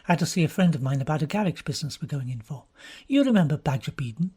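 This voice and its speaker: A woman's voice: low voice, lively intonation, fast, dark tone, breathy edge, exaggerated voice. A woman voicing an earnest, bluff young man, recently out of the Navy, in an audiobook. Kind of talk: audiobook character reading.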